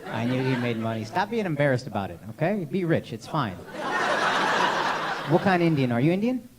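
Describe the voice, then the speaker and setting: A man's voice: mid-range voice, sing-song, a little fast, very noisy. A man in his thirties doing crowd work on a comedy club stage, brash and profane, teasing audience members through a handheld mic. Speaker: stand-up comedian. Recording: live club set with loud crowd laughter. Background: audience laughter and clapping.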